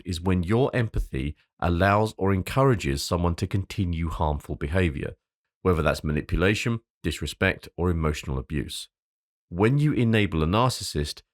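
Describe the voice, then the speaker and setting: A man's voice: sits low, no room sound, clean studio sound. A man hosting a podcast, reading an earnest script with loose, sweary asides. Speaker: podcast host.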